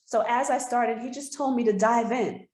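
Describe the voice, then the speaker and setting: A woman's voice: a little high, fairly even intonation, normal speed, a little mellow. A woman giving a heartfelt personal testimony as an interview guest, telling her story earnestly. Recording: roomy echo.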